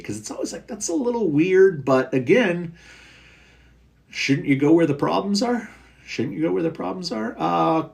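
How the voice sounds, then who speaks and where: Middle-aged male coach, gravelly, lively pitch, casual and blunt, filler-heavy livestream chat. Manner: casual, frank, rambling with fillers. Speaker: recovery coach. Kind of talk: live stream Q&A, reading comments.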